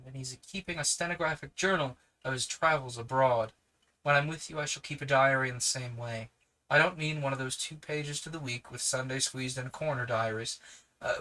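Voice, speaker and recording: A man's voice: mid-range voice, sharp tone, poor audio. A man with a New Zealand accent reading a novel aloud on a livestream, breaking off into chatty asides to his live chat. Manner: chatty, digresses and answers live chat between passages. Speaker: livestream book reader.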